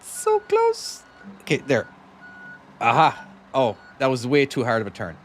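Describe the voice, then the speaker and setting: A man with a Cork Irish accent softened by years in America, chatting casually with viewers and thanking them while he plays a trucking game on a live stream. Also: medium pitch, moderate pace, slight background noise. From Ireland.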